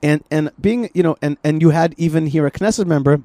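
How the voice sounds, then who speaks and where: A man hosting a casual podcast conversation, animated, often repeating himself and restarting his sentences. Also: a little high, brisk, no echo. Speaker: podcast host. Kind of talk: casual political chat.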